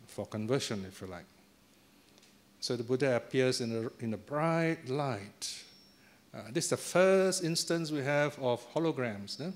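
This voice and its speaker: A Buddhist teacher gives a dharma talk in a medium-pitched voice. He tells a story chattily, chuckling and using tag questions with the audience.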